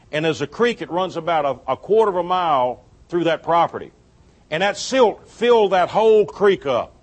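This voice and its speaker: A man telling a folksy church story in a sermon-style talk, animated and chuckling as he goes. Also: on the high side. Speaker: church speaker on giving.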